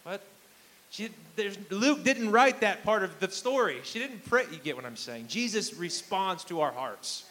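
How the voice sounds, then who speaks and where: A man's voice: sits high, expressive, unhurried, pushed and bright, poor audio. A man in his thirties, a pastor preaching a sermon in a conversational, emphatic way, often asking the congregation questions. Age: 30s. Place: church hall with a live congregation.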